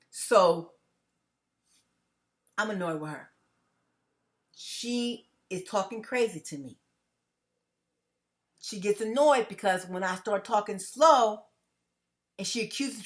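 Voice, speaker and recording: A tired woman talking fast and emphatically to her viewers in a casual vlog monologue, often checking in with "okay?". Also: medium pitch. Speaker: vlogger.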